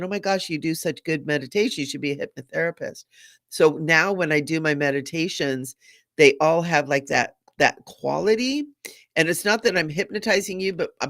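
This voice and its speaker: A middle-aged woman, a spiritual medium, hosts a live stream in a low, slightly bright voice. She's bubbly and gushing, laughing often as she talks to her viewers.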